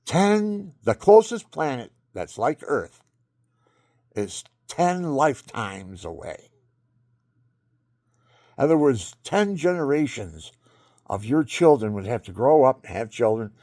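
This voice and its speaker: Man, low gravelly voice, dry close sound, rambling talker who gets preachy. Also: no echo. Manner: rambling, swings into excited preaching. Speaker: video maker. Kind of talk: rambling monologue.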